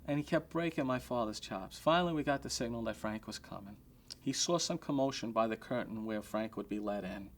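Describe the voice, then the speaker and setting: Lively New storyteller man. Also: medium pitch. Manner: animated storyteller acting out quotes. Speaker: restaurant owner. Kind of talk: anecdote telling.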